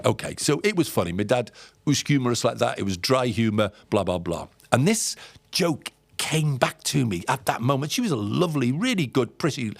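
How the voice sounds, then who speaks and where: A man's voice: medium pitch, vocal fry, no echo. A middle-aged man from England casually telling a rambling anecdote, repeating words and acting out what people said. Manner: rambling storyteller, repeats words, acts out quotes. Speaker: podcast guest telling travel stories.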